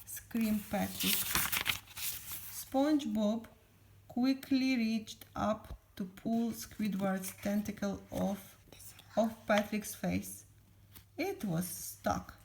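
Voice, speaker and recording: A mother reading a storybook aloud to her child in a calm, unhurried way. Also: mid-range voice, creaky, slight background noise.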